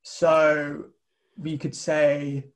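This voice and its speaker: British male podcast host, raised pitch, easygoing, laughs a lot, restarts phrases. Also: level tone, drawn-out words. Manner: laughs often, repeats words while thinking. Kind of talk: casual podcast chat.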